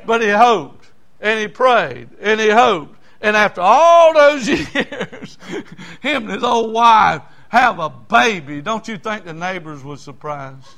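Preacher man in his 60s, high voice, folksy sermon with lots of asides. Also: measured pace, creaky. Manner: folksy, animated, with homespun asides.

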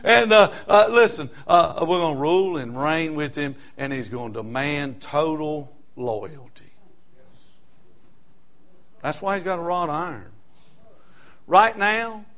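A Southern-accented man from South Carolina, medium in pitch, preaches a fiery sermon in rhythmic bursts. Amens answer him in call-and-response as he swings between loud shouts and quiet asides.

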